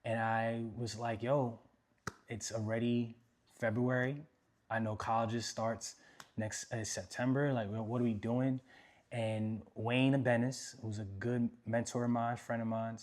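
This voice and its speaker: In a casual Q&A, a young motivational speaker from New York tells his life story with animated, slangy emphasis. His voice is medium in pitch.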